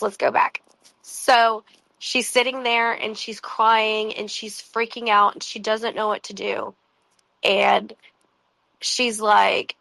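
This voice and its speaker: A woman tells a story to her viewers in a loose, chatty way, with plenty of "like"s and quick asides. Her voice has a gravelly fry to it. The recording is dry and close, with no room sound. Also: medium pitch, fairly bright tone, dry recording, low-quality recording. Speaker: vlogger. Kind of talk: casual storytelling.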